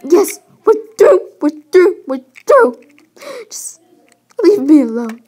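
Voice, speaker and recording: A woman voicing a spoiled girl dog who is quick to anger and shrill when upset. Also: sing-song, mellow, full character voice. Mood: furious.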